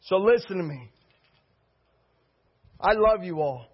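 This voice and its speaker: A man's voice: sits high, animated, slow pace, breathy edge. A man preaching a sermon, telling a story and urging his listeners on with repeated exhortations. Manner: urgent, repetitive exhortation. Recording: dull lo-fi recording.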